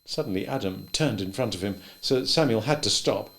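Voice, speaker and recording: A man reading a classic novel aloud in a plain, even, unhurried way. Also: fairly low pitch, gravelly. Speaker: reader. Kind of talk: audiobook narration.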